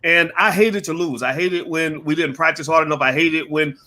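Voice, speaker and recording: A man with a high, bright voice hosts a casual online panel. He talks in an animated way and keeps asking his guests and the audience for a yes or no. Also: moderate pace. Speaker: host of a panel show.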